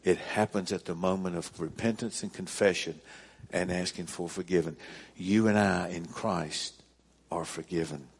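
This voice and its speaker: A male pastor preaching a sermon at a church service, deliberate and repeating key phrases for emphasis. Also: deep voice, steady tone, husky.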